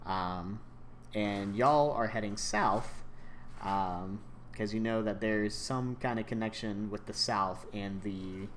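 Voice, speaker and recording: A man narrating a tabletop game as game master, in a laid-back, halting way with lots of ums. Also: fairly low pitch, slight background noise.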